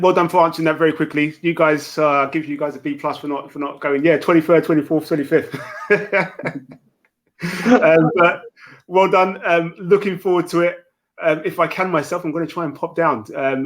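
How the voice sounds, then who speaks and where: A man hosting a casual interview, chatty and rambling, with many fillers. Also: fairly high pitch. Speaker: podcast host.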